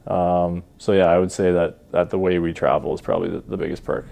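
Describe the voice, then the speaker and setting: A Canadian man in his thirties, a hockey goalie talking as a podcast guest in a relaxed, self-deprecating way with many ums and uhs. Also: deep voice, brisk, gravelly. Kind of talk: relaxed interview chat.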